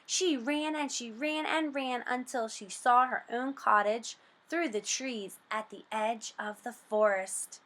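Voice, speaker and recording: A woman reading a storybook aloud for children, slow, expressive and sing-song, then asking comprehension questions. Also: fairly high pitch.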